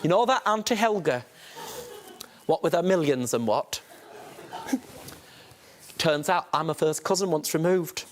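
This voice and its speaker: A man's voice: on the high side, lively intonation, unhurried, pauses often, a little hiss or hum. A man puts on a gossipy older auntie, sing-song and chatty. The voice swoops up and down with plenty of lift, and it has a breezy, mocking lilt.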